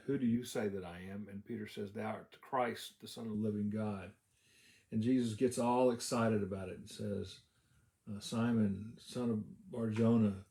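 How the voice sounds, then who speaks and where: Male pastor, low and warm, easy conversational Bible teaching full of "uh"s, roomy echo. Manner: conversational, with frequent "uh" fillers and restarts. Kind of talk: casual devotional Bible teaching.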